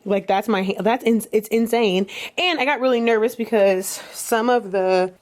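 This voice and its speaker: A woman chatting casually in a home vlog, animated, her voice jumping high when she exclaims. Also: moderate pace. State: a bit out of breath. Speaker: vlogger. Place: apartment rooms, moving around.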